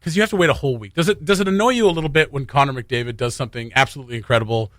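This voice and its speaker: A man's voice: mid-range voice, very fast, fairly bright tone, no room sound, clean studio sound. A man with a Canadian accent hosting a morning radio show, chatting casually and animatedly, laughing easily. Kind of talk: casual banter.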